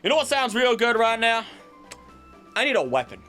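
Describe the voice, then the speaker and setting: A man's voice: very high voice, sing-song, normal speed, pushed and bright, faint music behind, pitched above the performer's own voice, heavily acted. A man putting on a cocky Southern-drawling monkey king. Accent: American Southern. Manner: swaggering, demanding drawl. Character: cocky brash male monkey king demigod.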